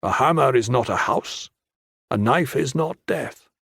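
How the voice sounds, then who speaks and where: A male narrator voicing a stern, cryptic older monk who lectures his pupil through slow, probing questions. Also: medium pitch, lively intonation, creaky, fairly bright tone, slightly rough, no echo, studio quality, full character voice. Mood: stern lecturing.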